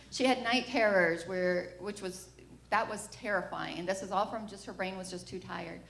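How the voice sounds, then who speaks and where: A woman's voice: mid-range voice, moderate pace, vocal fry, fairly bright tone, reverberant, slight background noise. A middle-aged mother giving a personal testimony at church, telling the story frankly and acting out what people said. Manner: candid storytelling, acting out the quoted lines. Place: church sanctuary.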